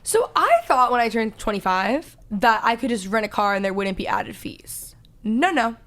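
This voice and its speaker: A woman in her twenties from Texas with a Valley Girl accent, a podcast host chatting casually, loud and talkative, saying "like" a lot. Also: medium pitch, lively intonation, normal speed. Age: 20s. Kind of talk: casual chat.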